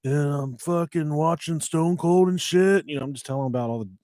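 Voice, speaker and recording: A man in his thirties hosting a podcast, telling a story in casual chat, swearing often and loudly acting out the lines he quotes. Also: a little high, fairly quick, no echo, clean studio sound. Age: 30s. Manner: profane, animated, acts out quotes loudly. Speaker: podcast host.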